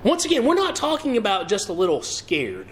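A man delivers a sermon, pressing his listeners with repeated questions. His voice sits a little high and swoops widely from phrase to phrase. A faint hum of ambient noise runs under the recording. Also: wildly swooping pitch, a little fast, fairly bright tone. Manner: asks the congregation questions, emphatic rising and falling delivery. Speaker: preacher.

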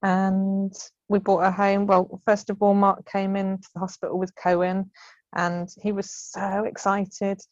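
A woman's voice: medium pitch, monotone, a little slow, darkish tone, dry recording. A woman in her thirties chats from home over a remote call, laughing often and acting out the voices of others. The sound is dry and close, with a slightly dull, muffled call quality. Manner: chatty, laughs often, acts out quoted voices. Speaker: podcast guest. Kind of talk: casual storytelling.

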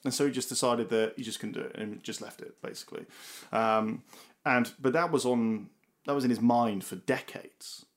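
A man's voice: mid-range voice, normal speed. Swearing man telling a pub story. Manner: swears freely, animated anecdote-telling. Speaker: podcast co-host. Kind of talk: casual film chat.

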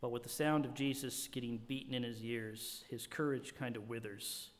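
A male pastor preaching a sermon, animated and emphatic, often restarting and repeating words. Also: medium pitch, normal speed. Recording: long hall reverb.

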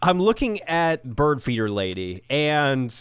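A man's voice: fairly high pitch, sing-song, measured pace, smooth, no room sound, studio quality. A young man co-hosting a podcast, telling an exasperated story with lots of swearing. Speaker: podcast co-host. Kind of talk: casual storytelling chat.

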